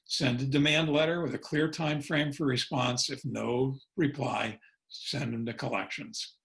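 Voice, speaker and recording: A man's voice: mid-range voice, fairly even intonation, measured pace, gravelly, fairly bright tone. A middle-aged man presenting a webinar as a consultant and educator, folksy and chuckling, punctuating his points with "okay?" and acting out sample phone dialogue.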